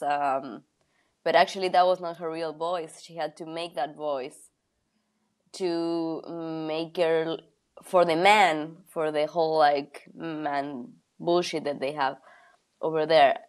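Laughing woman comedian guest, lowish voice. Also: steady tone, measured pace. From Argentina. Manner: laughs often, hesitant, searching for words. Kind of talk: casual chat.

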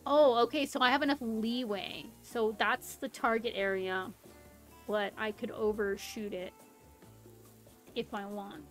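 High-voiced excitable woman streamer. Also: unhurried, soft background music. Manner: excitable, panicky, laughs often. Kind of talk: live game commentary.

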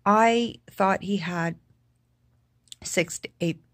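A woman from Canada telling a personal family story in a halting, emotional way, full of fillers and restarts, her voice sinking quiet at the hardest parts. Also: medium pitch, no room sound, studio quality. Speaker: vlogger.

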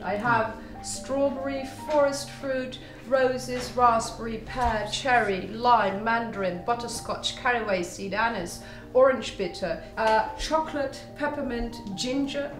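A woman's voice: on the high side, a little slow, few pauses, echoey room, music in the background, rough recording. Woman guiding a distillery tour. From Netherlands. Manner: explanatory, storytelling, lists products. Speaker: distillery museum guide. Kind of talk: guided tasting tour. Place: indoor distillery museum.

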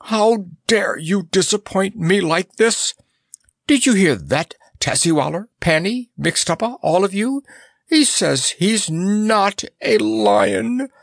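A man voicing a furious, hoarse male monarch given to childish tantrums in a storybook reading. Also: huge pitch swings, fairly bright tone, no echo, clean studio sound, heavily acted. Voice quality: hoarse, shrill. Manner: screaming, drawn-out outbursts.

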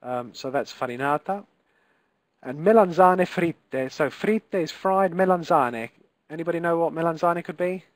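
A man's voice: a little high, moderate pace, dry recording. A man teaching a live online Italian class, encouraging and patient, pronouncing Italian words carefully for his students.

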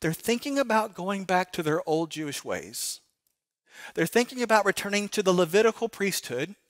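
Middle-aged male pastor, slightly high voice, chatty sermon delivery, keeps checking in with the congregation. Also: a bit bright. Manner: conversational preaching with frequent rhetorical questions to the congregation. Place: church sanctuary.

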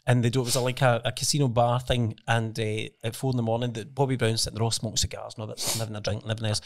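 A man's voice: medium pitch, level tone, very fast, slight background noise. A man, a guest comedian, telling funny anecdotes on a podcast and laughing through them. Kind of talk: casual storytelling. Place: podcast studio.

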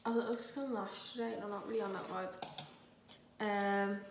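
A young Dublin woman with a light Irish accent rambles chattily while cooking for her vlog, cursing freely and mocking herself. Her medium-pitched voice stays fairly even and a touch fast, picked up by a distant mic in an echoey, noisy home kitchen.

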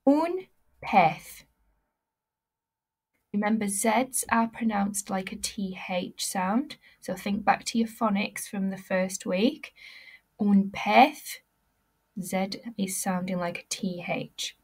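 Female teacher, measured unhurried delivery, clear modelling of vocabulary for repetition. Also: mid-range voice, fairly even intonation. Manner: slow, clear modelling of words for pupils to repeat. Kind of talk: recorded language lesson.

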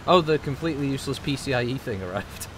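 A man's voice: mid-range voice, lively intonation, quick pace, background noise. A man streaming a video game, chatting casually with friends, joking and laughing often. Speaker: gaming streamer. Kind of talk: casual chat while gaming.

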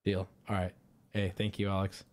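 A man in his thirties, hosting a casual live stream, reacting loudly and swinging from mumbling to shouting. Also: low-pitched, monotone, normal speed.

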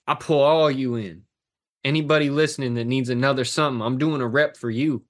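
A man's voice: medium pitch, fairly even intonation, a little fast. A man speaking as a guest coach on a podcast, talking passionately and intensely, swearing now and then. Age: adult, has a daughter. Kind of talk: emotional podcast talk.

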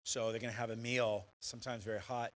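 A man preaches from the pulpit in a lively, conversational way. He keeps asking the congregation questions and restarts his phrases as he builds a point. His voice sits at an ordinary middle pitch. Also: fast talker, low-quality recording. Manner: animated preaching with rhetorical questions and repeated restarts. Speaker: pastor. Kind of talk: sermon. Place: church sanctuary.

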